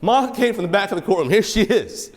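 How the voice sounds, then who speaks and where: A judge speaks fast in a high-pitched voice, telling students an emotional story in a courtroom, by turns quietly choked up and loudly excited. There is a little hiss or hum on the recording.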